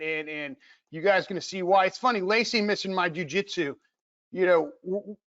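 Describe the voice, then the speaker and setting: An earnest middle-aged man gives a casual lecture from his home, animated and prone to restarting his sentences. His voice sits fairly high for a man. The sound is dull and lo-fi, like a home video call. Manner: animated, earnest, many restarts and repeated words. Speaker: exercise researcher giving a talk. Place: home, with noise from upstairs.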